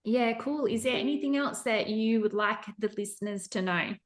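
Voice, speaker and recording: A woman's voice: on the high side, moderate pace. Bubbly woman podcast host. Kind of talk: casual interview chat.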